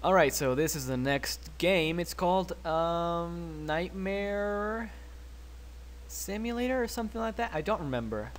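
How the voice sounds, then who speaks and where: A man hosting let's play commentary, excitable, cursing freely and yelping when startled. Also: a little high, measured pace, a little hiss or hum. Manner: excitable, swears a lot, yelps when startled. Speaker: gaming channel host.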